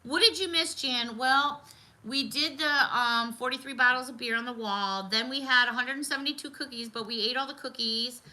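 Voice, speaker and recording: A middle-aged woman with a very bright, ringing voice chats casually on a livestream, pitched a little high. She greets viewers by name, laughs easily and talks in a friendly, rambling way. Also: normal speed, low-quality recording. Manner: chatty, warm-hearted, laughs often, talks to viewers by name. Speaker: livestream host. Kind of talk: casual chat reading viewer comments.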